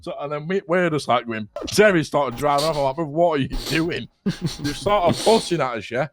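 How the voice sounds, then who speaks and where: A man's voice: a little high, expressive, normal speed, background noise. Laughing young man. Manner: rambling, swears a lot, keeps laughing at his own story. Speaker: roleplay player telling a story. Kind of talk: casual in-character storytelling.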